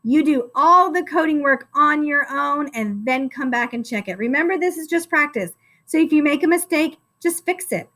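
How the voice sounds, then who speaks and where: A woman's voice: high voice, expressive, moderate pace, a bit bright. A woman teaching a phonics lesson to young children, encouraging and sounding out words syllable by syllable.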